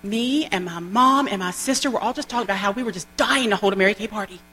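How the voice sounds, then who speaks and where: A woman acting out a gushing, overexcited acquaintance from a salon, breathless and quick. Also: mid-range voice, pushed and bright, breathy edge. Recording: long hall reverb.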